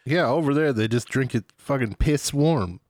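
A man's voice: medium pitch, normal speed, a little mellow, no echo, clean studio sound. A man co-hosting a podcast in casual chat, sardonic and profane. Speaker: podcast co-host.

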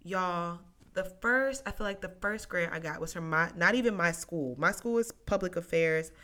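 A woman's voice: lowish voice, moderate pace. A young woman hosting a solo podcast, telling a personal story with emotion, close to tears at times, and calling her listeners "y'all". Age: young adult. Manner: emotional, near tears, testimony-like; animated, addresses listeners as y'all. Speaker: podcast host.

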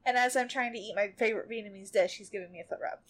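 A pregnant, tired woman co-hosting a casual podcast, an animated storyteller who laughs often. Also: mid-range voice, rapid-fire. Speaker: podcast co-host. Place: home bedroom.

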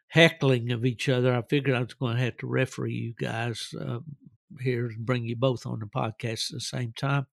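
A man's voice: mid-range voice, gravelly, no echo, studio quality. A man hosting a podcast, telling rambling, folksy stories with frequent chuckles. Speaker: podcast host. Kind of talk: casual storytelling.

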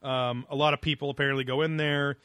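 A man's voice: mid-range voice, little pitch movement, fast, pushed and bright, smooth, no echo. A man co-hosting a podcast in casual chat, rambling through a story, swearing casually and laughing often. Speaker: podcast co-host.

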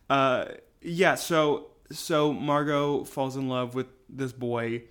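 A man's voice: mid-range voice, fairly even intonation, very slow, a bit bright, smooth. A man co-hosting a podcast in casual chat, rambling with lots of fillers. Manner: rambling, filler-heavy, chuckles often. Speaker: podcast co-host.

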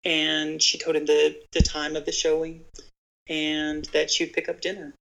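Earnest storyteller with a gravelly voice. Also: medium pitch, completely flat delivery, normal speed, fairly bright tone, dull audio. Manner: earnest, speaks directly to listeners. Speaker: podcast guest speaking on real estate agent safety. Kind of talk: conversational storytelling.

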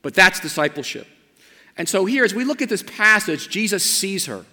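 A man preaching a sermon as pastor of his church. He builds to emphatic repeated lines, then drops to a soft, slow invitation. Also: high voice, animated. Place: church sanctuary. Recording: long church hall reverb.

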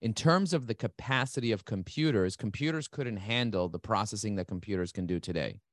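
A middle-aged man talking as an interview guest, fast and enthusiastic, repeating key words for emphasis. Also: lowish voice, dry recording, clean studio sound. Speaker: guest, marketing agency CEO. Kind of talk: energetic interview talk.

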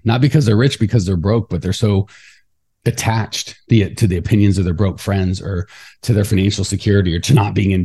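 A man co-hosting a podcast in casual chat, talking fast and getting fired up, acting out quoted voices along the way. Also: on the low side, husky. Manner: fast, animated, ranty. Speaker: podcast co-host.

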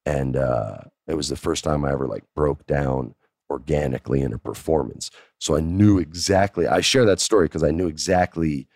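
A middle-aged man from the United States telling a story in a casual, animated way, with lots of fillers and restarts. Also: rumbling low, normal speed, vocal fry, no echo, clean studio sound.

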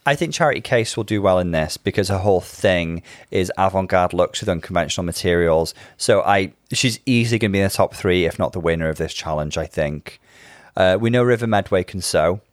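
Low-voiced man in casual chat. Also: fairly quick, dry recording, clean studio sound. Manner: chatty, with frequent fillers and asides. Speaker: podcast co-host.

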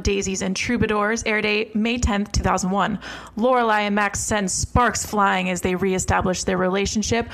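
Female producer, mid pitch, wry and deadpan, reads summaries. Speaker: podcast producer. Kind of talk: reading an episode rundown, casual chat.

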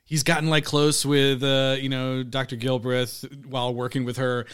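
A man's voice: mid-range voice, level tone, moderate pace, a bit bright, clear, resonant tone. A man co-hosting a podcast, chatting about an old film in an amused way, laughing often and quoting lines. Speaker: podcast co-host.

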